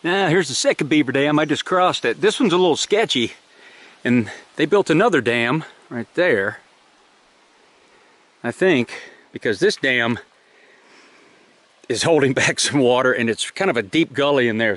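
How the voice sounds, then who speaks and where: A man's voice: mid-range voice, expressive, moderate pace, pauses often, fairly bright tone. A middle-aged man, chatting casually to a handheld camera for his vlog and exclaiming over his food. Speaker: outdoor vlogger.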